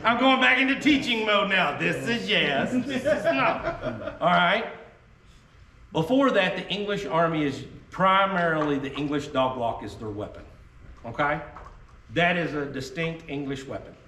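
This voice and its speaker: Man, folksy joking history presenter, slightly high voice, recorded from a distance. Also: animated, normal speed, sharp tone, slight background noise. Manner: folksy, joking, tangent-prone storyteller. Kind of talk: casual teaching talk to an audience. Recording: echoey room, mic far off, faint ambience.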